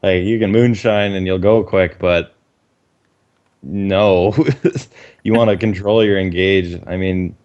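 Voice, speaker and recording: A man's voice: low-pitched, fairly even intonation, slow, long pauses, darkish tone, dull audio. A man co-casting a game, analytical and laid-back, chuckling as he explains tactics. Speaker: esports co-caster. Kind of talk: live game commentary.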